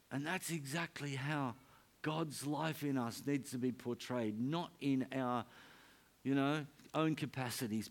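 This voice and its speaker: A man preaching a sermon, telling a story in an earnest, soft-spoken way. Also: medium pitch. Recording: music playing behind.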